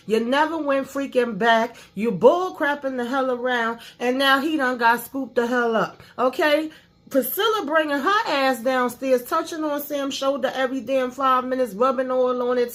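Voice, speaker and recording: A woman's voice: high voice, fairly bright tone. A woman hosting a casual TV episode recap, sassy, ranting and swearing freely. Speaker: host of a TV recap channel.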